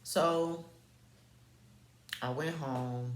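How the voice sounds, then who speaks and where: A woman's voice: sits low, very slow, reverberant. A woman telling a personal story to the camera in a candid vlog, blunt and profane, with slangy asides to the viewer. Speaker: vlogger.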